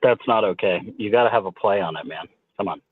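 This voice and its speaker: A man's voice: lowish voice, quick pace. A man in a casual market discussion, confidently explaining his view on a stock and teasing a little. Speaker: trader answering in a voice chat. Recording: tinny, phone-like line.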